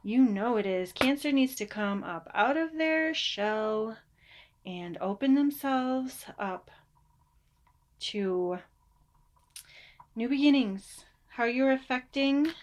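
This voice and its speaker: A woman's voice: high voice, animated, takes it slowly, pauses often, a little hiss or hum. A woman giving a casual, chatty tarot reading. She reassures her listeners and now and then mimics them in a mock voice. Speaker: tarot reader.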